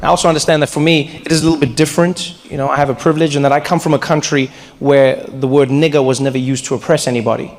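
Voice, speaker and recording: A man from South Africa performing stand-up comedy, telling stories in an animated, exaggerated way. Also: mid-range voice, quick pace. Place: large theatre, live audience. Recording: live hall, audience laughter.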